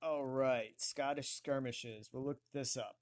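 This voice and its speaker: A man hosting a casual online talk show, slowly thinking aloud as he looks things up on a computer. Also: mid-range voice, steady tone. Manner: slow, thinking aloud while searching. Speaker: host.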